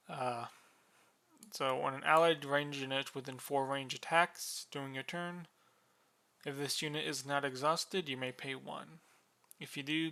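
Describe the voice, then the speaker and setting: A man casually explaining the rules of a board game unit, relaxed and drowsy, with many fillers and yawns. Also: fairly high pitch, gravelly, clear, resonant tone.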